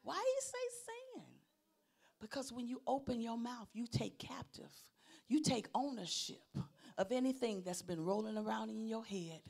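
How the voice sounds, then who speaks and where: High-voiced woman pastor preaching with fervor. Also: normal speed, vocal fry. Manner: preaching with call-and-response, swinging from loud declarations to low asides. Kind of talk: sermon.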